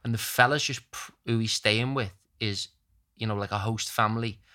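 A man's voice: lowish voice, fairly even intonation, moderate pace, bright, forceful tone. A young man telling a long story in casual chat, rambling and full of slang.

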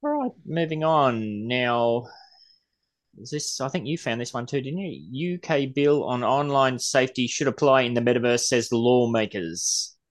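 A man's voice: medium pitch, lively intonation. Chatty Australian man hosting a podcast. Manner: chatty, rambling, quick to laugh. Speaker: podcast host. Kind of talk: casual podcast chat.

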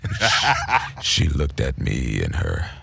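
A man doing an impression of a famous soul singer, slowing to a deep, breathy, sultry drawl. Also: expressive, a bit bright, no echo, heavily acted. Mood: solemn.

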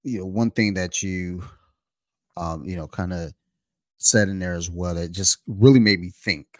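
A man with a very deep voice who hosts a podcast, recorded close and dry. He speaks in a reflective way, stopping often and filling his pauses with "you know" and "um.". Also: a little mellow, no room sound. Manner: thoughtful, hesitant, many fillers. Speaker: podcast host. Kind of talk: reflective conversation.

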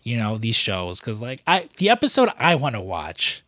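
A young podcast co-host tells rambling, profane, jokey stories in casual chat, slipping into quick put-on imitations of other people. His ordinary mid-pitched voice swoops wildly and sounds bright and forceful. The recording is close and dry, with no room echo.

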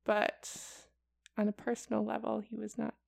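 A woman's voice: a little high, completely flat delivery, normal speed, gravelly, a little mellow, no echo, clean studio sound. A young woman co-hosting a podcast, presenting a history report in casual chat full of "like" and "um". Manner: chatty and casual, heavy with fillers like "like" and "um".

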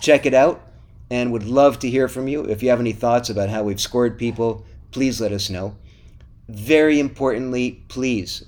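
A man's voice: mid-range voice, darkish tone. Middle-aged male podcast co-host, casual sign-off, eager and pleading. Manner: upbeat, pleading with listeners.

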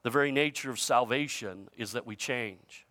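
Here a male pastor's sermon comes across as conversational, with informal grammar and a voice that shifts from loud emphasis down to quiet. He has a mid-range voice, normal speed, and the recording has no room sound.

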